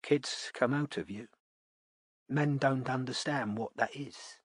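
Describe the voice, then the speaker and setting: A man doing tipsy, breathy Charlotte. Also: medium pitch, takes it slowly, no echo, clean studio sound. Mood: tipsy dreamy. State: slightly drunk. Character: tipsy aristocratic young mother, wistful, manipulative.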